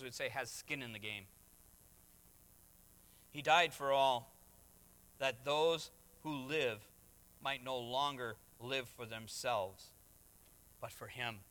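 A man's voice: medium pitch, bright, forceful tone. A man preaching a sermon as pastor, emphatic, with acted asides and rising refrains. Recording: reverberant hall.

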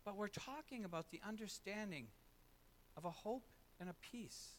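A pastor preaches a sermon in a church sanctuary, and the large room gives his voice a long reverb. His pitch is high and bright with a tense edge, his intonation lively, and his speed normal, over a little hiss or hum. He drives his points home by repeating key phrases and drops in wry asides about himself.

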